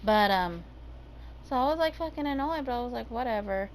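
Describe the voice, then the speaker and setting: A woman's voice: a little high, lively intonation, a little fast, slight background noise, low-quality recording. A woman ranting casually about her day, swearing heavily and using lots of fillers. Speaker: gaming vlogger.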